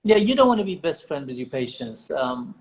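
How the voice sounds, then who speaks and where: A man's voice: a little high, sing-song, brisk, poor audio. A man, a surgeon guest on a live video chat, talking earnestly and repeating words as he sorts out his thoughts. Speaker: hair transplant surgeon, guest. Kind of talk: casual live-stream chat. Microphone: video call.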